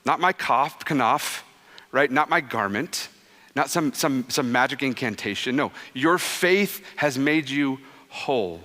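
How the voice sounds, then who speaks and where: A man in his thirties preaching a sermon in an easy, conversational storytelling way, his voice bright and forward. He sinks to a hushed, low tone for quoted lines. The sound carries a long church-hall reverb. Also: animated, measured pace. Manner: drops soft and low for quoted words. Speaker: pastor. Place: church sanctuary.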